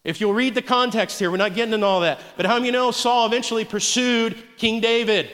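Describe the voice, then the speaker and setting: A man's voice: very high-pitched, fairly even intonation, quick pace, a bit bright. A young man preaching a sermon as a pastor, urging the congregation on with repeated calls of "come on". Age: young adult. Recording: long hall reverb.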